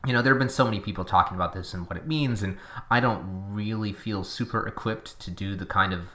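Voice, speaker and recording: A man's voice: fairly low pitch, fast, a bit bright. A man with a Boston accent co-hosting a podcast, chatting casually and opinionatedly, wandering into tangents. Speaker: podcast co-host.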